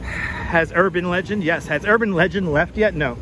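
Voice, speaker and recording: A man's voice: sits high, moderate pace, pushed and bright, low-quality recording. A man livestreaming as he walks through city streets, chatting casually and greeting viewers by name, on a wireless clip-on mic. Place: outdoors on busy city streets in summer heat. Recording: street traffic noise behind.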